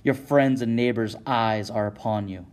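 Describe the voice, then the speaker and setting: A man's voice: medium pitch, normal speed, a little mellow. Man narrating a dramatic story. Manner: dramatic second-person storytelling.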